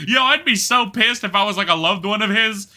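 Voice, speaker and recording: A young man with a high-pitched voice, talking a little fast, streams a survival game. His commentary is casual, animated and slangy, packed with swearing and laughter as he reads chat aloud.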